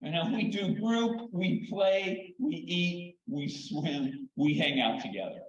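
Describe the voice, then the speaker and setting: An older man and children's therapist giving a conference talk, telling stories in an animated way with dramatic pauses. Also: on the high side. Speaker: keynote speaker, children's therapist. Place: large conference hall. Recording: echoey hall, slightly dull sound.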